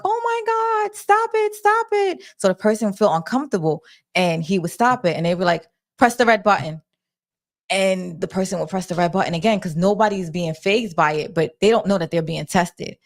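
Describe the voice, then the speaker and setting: Her voice is fairly low and a little mellow as she hosts a livestream, retelling events in a loose, rambling way with many fillers. Managing the chat leaves her flustered.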